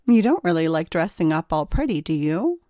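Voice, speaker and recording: Brisk, coaxing young woman hurrying someone along, low-pitched, as a narrator plays her. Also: sing-song, dark tone, no echo, studio quality.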